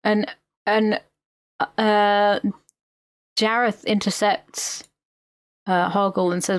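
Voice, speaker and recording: A woman's voice: mid-range voice, flat delivery, slow pace, pauses often, smooth, no room sound, studio quality. A woman co-hosting a podcast, retelling a film in a rambling, sweary way. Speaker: podcast co-host. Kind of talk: casual film-recap chat.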